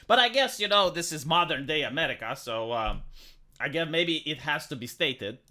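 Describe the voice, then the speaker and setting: A commentary YouTuber from Romania, a woman with a low voice speaking at a moderate pace, reacts to a viral video. Her commentary is dry and mocking, with deadpan asides.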